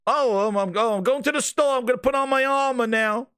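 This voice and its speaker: A man's voice: very high-pitched, brisk, a bit bright, clean tone, dry recording, pitched above the performer's own voice. A breezy, mock-casual armored space soldier, as a man puts him on in a raised, sing-song voice. The tone is light and chatty. The sound is dry and close.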